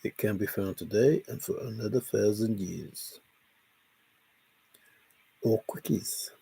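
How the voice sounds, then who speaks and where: Gravelly, husky man chatting on a livestream. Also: fairly low pitch, slow pace, dark tone. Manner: reads viewer comments aloud and answers them playfully. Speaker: livestream host. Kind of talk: casual late-night livestream chat.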